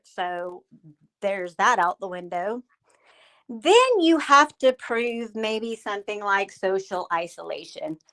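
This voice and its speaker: Slow, mocking woman streamer. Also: mid-range voice, fairly bright tone, poor audio. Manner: mocking, sarcastic, addresses a rival directly. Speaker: livestream host. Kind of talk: ranting commentary livestream. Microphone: streaming mic.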